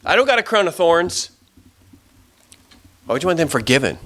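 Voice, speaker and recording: A man's voice: fairly high pitch, sing-song, fairly bright tone, voice pushed up. A man playing a remorseful thief on a cross. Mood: indignant. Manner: sneering at first, then pleading and halting.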